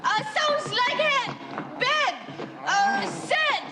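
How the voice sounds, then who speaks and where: A giddy young assistant. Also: female voice, extremely high pitch, expressive, very slow, echoey room, heavy background noise, heavily acted. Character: giddy young female assistant playing charades.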